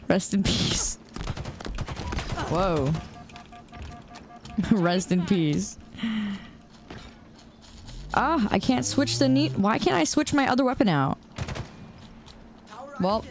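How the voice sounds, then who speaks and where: A woman's voice: medium pitch, slight background noise. A young woman streaming a shooter game, chatting casually with her chat and laughing often. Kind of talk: casual chat while gaming.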